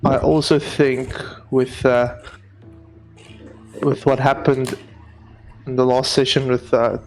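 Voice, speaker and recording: Flat-voiced man playing his character. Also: medium pitch, slow, faint music behind, rough recording. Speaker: player. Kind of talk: tabletop role-play.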